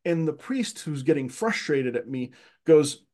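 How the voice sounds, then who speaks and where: Animated, slightly high-voiced man. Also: unhurried. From Egypt. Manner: animated, repeats words while searching for them. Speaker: podcast guest. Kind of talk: casual storytelling conversation.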